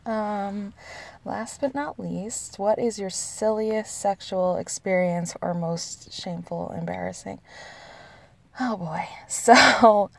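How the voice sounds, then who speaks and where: Speaking slowly at medium pitch, with a gravelly voice, a woman pauses often as she answers questions. She's an American in her thirties telling personal stories in a casual confessional way, chatty, laughing frequently, and heavy on "like."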